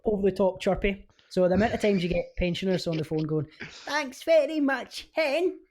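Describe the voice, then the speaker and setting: A man's voice: high-pitched, steady tone, quick pace, a little mellow. A Scottish man chatting as a podcast guest in a chirpy, candid way. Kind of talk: casual chat.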